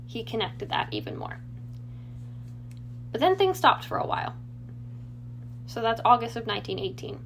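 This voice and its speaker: Chatty woman with a faint hum behind. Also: on the high side. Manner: chatty, jokey, laughs at own asides. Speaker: podcast co-host. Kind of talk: casual true crime chat.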